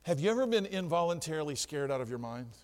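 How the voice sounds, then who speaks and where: Animated preacher in a reverberant hall. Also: male voice, fairly high pitch, quick pace. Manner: animated preaching that swings from hushed to shouting. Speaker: pastor. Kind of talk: sermon. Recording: church hall with long reverb.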